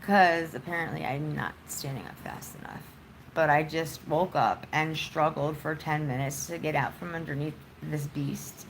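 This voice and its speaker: A woman's voice: sits low, normal speed, slight background noise, poor audio. A woman vlogger chatting casually on a livestream from her home during a storm, doting on her dog.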